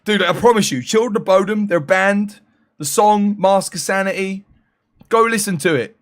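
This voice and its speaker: A man chatting casually with his live-stream viewers. He is tired and his voice is fading after eighteen hours, and he jokes and thanks people by name in a weary, drawn-out way. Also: high-pitched.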